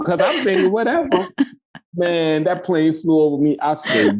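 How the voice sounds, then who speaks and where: A middle-aged man telling a story in a casual interview, animated and slangy, laughing often. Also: high voice, normal speed, a little hiss or hum, low-quality recording. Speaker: podcast guest, actor.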